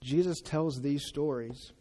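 A male preacher delivers an animated sermon, exclaiming and acting out the voices of his story. His voice sits on the higher side for a man. Long reverb hangs over every line in a large church hall. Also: a little slow.

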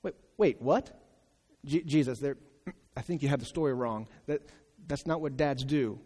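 A man preaching a sermon in an animated, exclaiming way, acting out the voices in his story, in a church hall. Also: mid-range voice, moderate pace. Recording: long reverb of a large hall.

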